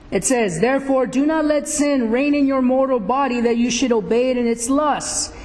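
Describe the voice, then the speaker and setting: A man's voice: extremely high pitch, a little mellow. A man preaching a sermon, asking the congregation questions as he reads and explains scripture. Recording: echoey hall.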